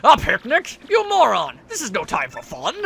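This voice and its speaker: A man voicing a loud, grumpy giant turtle king villain who blusters and shouts in a comic way. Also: high-pitched, sing-song, normal speed, gravelly, exaggerated voice. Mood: blustering.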